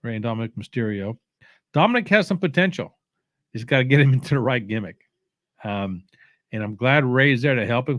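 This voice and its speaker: A man's voice: medium pitch, no room sound. A man in the middle of his range chats casually and opinionatedly, stumbling over fillers and restarting his sentences. He sounds drowsy. The recording is dry and close, with no room sound. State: sleepy, yawning. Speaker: watch-along host. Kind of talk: casual rambling commentary.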